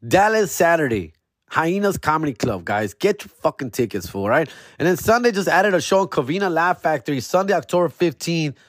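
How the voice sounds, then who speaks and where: A comedian runs a loose, solo podcast monologue. He sits on the higher side of the usual male pitch and talks in a laid-back, slang-heavy way, full of casual profanity.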